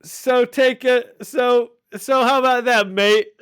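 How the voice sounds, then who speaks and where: A man's voice: very high-pitched, fairly even intonation, slow, a bit bright, smooth, no echo, pitched above the performer's own voice, full character voice. A man voicing a cocky, petty-criminal male kangaroo, in a podcast read-through. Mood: indignant.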